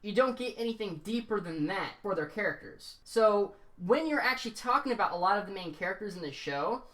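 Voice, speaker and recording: A woman talks through a review in an easygoing, unscripted way. She rambles, restarts her sentences and drifts into jokey tangents, and her tone stays relaxed throughout. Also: medium pitch, fairly quick. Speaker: show reviewer. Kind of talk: casual spoken review.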